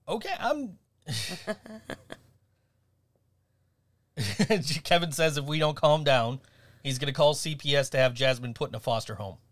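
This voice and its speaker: A man's voice: a little high, animated, slow pace, long pauses, fairly bright tone, no room sound. A man co-hosting a casual podcast, laughing often and swearing casually. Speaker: podcast co-host. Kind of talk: casual chat.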